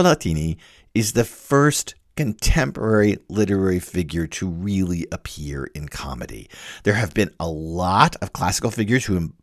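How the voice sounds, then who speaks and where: A man giving an informal literature lecture, reading passages aloud and breaking off to comment on them in an animated way. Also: low-pitched, normal speed, dry recording, clean studio sound.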